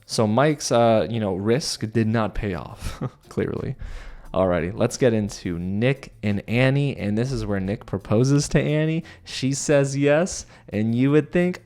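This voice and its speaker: A man giving a casual, opinionated recap of a reality TV episode. His voice leaps up high whenever he's incredulous. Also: expressive, normal speed, a little mellow. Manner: chatty and opinionated, voice jumps high when incredulous.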